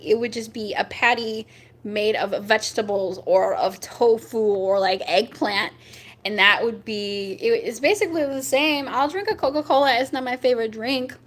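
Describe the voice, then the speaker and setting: A young woman hosting a casual chat, talking with her viewers, rambling with fillers and jumping up in pitch when she reacts. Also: moderate pace. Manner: chatty and rambling, with many fillers and laughs. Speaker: livestream host chatting with viewers.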